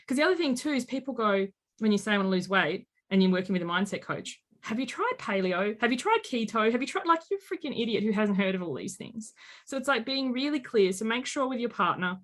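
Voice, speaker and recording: A woman in her late thirties speaks with an everyday mid-range pitch. As a life coach guesting on an interview, she tells her stories with animated flair and acts out the voices of the people in them. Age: late 30s. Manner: animated storyteller, acts out quotes. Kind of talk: conversational interview.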